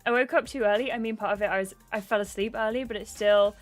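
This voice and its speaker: A woman's voice: medium pitch, fairly even intonation, fast talker, soft background music. A young adult woman livestreaming a game, chatting casually and greeting viewers by name. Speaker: gaming livestreamer.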